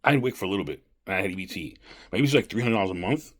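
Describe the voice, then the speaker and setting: A man's voice: deep voice, animated, very fast, slightly rough. A man giving rambling casual political commentary straight to camera, calling his viewers folks. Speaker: vlogger.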